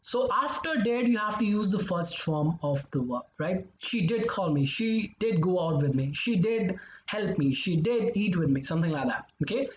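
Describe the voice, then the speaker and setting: A man's voice: high-pitched, expressive, moderate pace, few pauses, slight background noise. A male English teacher explaining grammar step by step. He repeats his examples and keeps checking in with "okay?" and "right?". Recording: echoey, slightly dull recording.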